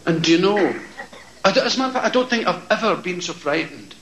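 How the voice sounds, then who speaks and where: A man doing stand-up, telling a profane story in an animated way and shouting out impressions. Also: high-pitched, fast, heavy background noise. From Scotland. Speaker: stand-up comedian. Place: large theatre stage. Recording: echoey live theatre with loud crowd.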